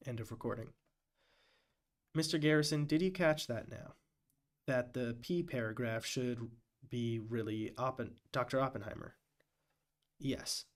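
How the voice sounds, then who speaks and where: A man live-streaming as he reads a hearing transcript aloud, deliberately voicing every quote and end quote marker. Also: medium pitch. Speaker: live-stream reader and commentator.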